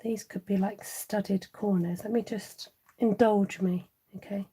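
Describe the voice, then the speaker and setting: A woman's voice: mid-range voice, steady tone, unhurried, warm tone, slightly rough, poor audio. A middle-aged woman chatting through a live craft tutorial, laughing often and answering viewers as she works. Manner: chatty, laughing, reads viewer comments aloud. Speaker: stamping craft demonstrator.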